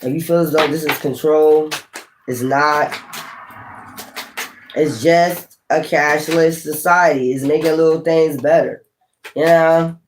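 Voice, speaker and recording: A woman's voice: low-pitched, steady tone, slow pace, pauses often, darkish tone, a little hiss or hum, low-quality recording. A woman hosting a live stream as a tarot reader, rambling casually and talking straight to her viewers.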